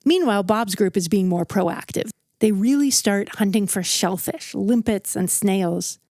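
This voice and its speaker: A woman narrates a true story in a relaxed, chatty way and lets the tension build as she goes. Her voice sits in a middle pitch. The sound is dry and close to the mic, with no echo. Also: unhurried. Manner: conversational and vivid, with a dramatic build. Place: outdoors around a campfire.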